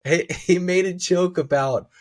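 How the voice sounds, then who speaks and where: A man's voice: high-pitched, measured pace, dry recording. Brief: man, podcast host, loose and chatty, laughs a lot, dry close mic. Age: adult parent. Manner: laughs often, animated retelling of jokes. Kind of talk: casual chat. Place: home room. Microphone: camera and mic at home.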